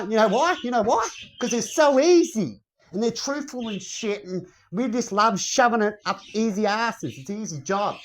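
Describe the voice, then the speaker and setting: A man putting on a brash crooked male cop who mocks and swears while planning a drug bust, his pitch raised above his usual voice. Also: background noise. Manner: mocking, swearing, sarcastic.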